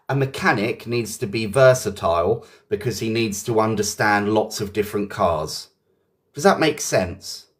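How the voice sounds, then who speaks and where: Chatty British man teaching English live. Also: lowish voice. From England. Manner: chatty and encouraging, greets viewers by name. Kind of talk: live online lesson, reading viewer comments.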